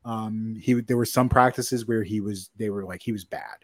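A man's voice: fairly low pitch, steady tone, moderate pace. A man co-hosting a sports podcast, talking casually with lots of fillers and restarts. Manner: rambling, filler-heavy, self-correcting. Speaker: podcast co-host.

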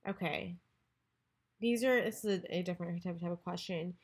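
A woman's voice: lowish voice, darkish tone, husky. A young woman co-hosting a podcast, reading out questions and chatting casually. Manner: reads out questions, brisk and friendly. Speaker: podcast co-host. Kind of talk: casual chat.

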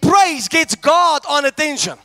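A man preaching a sermon, shouting and calling out to the congregation. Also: very high-pitched, animated, a little slow, dry recording. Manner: shouting, call-and-response preaching.

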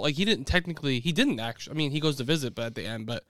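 A man's voice: mid-range voice, animated, racing, a bit bright, dry recording, studio quality. A man chatting casually as a podcast co-host, rambling with many restarts. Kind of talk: casual chat.

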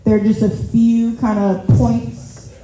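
A woman's voice: on the high side, level tone, slow, warm tone, soft background music. Woman preaching in a very echoey room. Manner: chatty, addresses the audience as y'all; laughs at herself often. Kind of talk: casual conversational sermon.

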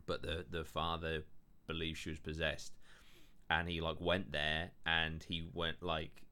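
A man's voice: extremely low pitch, completely flat delivery, a little slow, sharp tone, clean tone. A man hosting a podcast, telling stories in loose casual chat, full of fillers and swearing. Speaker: podcast host.

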